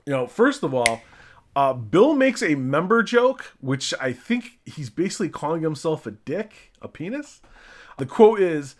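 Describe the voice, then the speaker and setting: A man's voice: fairly high pitch, big pitch swings, moderate pace. Chatty man reviewing a show episode. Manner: chatty, hesitant restarts. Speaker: podcast host.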